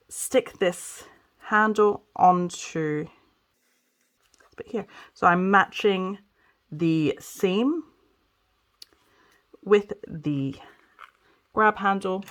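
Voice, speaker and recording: Her voice sitting on the low side, a woman guides viewers through a sewing project one step at a time. The tone is relaxed and talkative as she explains while working, frequently checking in and leaning on "okay" and "so."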